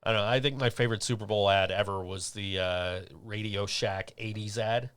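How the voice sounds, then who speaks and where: A man's voice: on the low side, fairly even intonation, fairly quick, fairly bright tone, clear, resonant tone. A man hosting a podcast, telling stories in a rambling, casual way with lots of fillers. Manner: rambling, chatty storytelling with many fillers. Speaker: podcast host. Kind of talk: casual chat.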